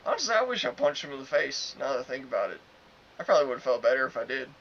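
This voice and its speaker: A man's voice: medium pitch, very animated, rapid-fire, a bit bright. A young man casually telling a crude, ranting story as a podcast co-host. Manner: crude, ranting, acts out both sides of arguments. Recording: slightly dull, faint hiss.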